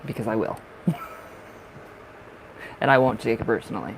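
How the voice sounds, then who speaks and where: Raspy-voiced chatty man on a livestream. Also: mid-range voice, normal speed, slight background noise, low-quality recording. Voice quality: raspy from smoking. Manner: rambling, chatty, laughs often. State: short of breath at times. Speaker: livestream tarot reader. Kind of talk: casual livestream chat.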